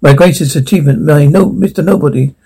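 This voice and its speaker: A man's voice: fairly high pitch, fast talker, creaky, warm tone, slightly rough, rough recording. An actor playing a pompous male doctor who narrates a promotional film in a grandiose, self-important manner. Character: pompous male doctor boasting of his legacy. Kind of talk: scripted narration.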